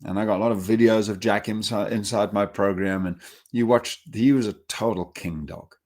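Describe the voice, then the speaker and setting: A man giving a dog training webinar, telling stories with lively acted quotes and getting emotional at times. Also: fairly low pitch, moderate pace. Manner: animated storytelling, acts out dogs in quotes. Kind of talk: webinar talk.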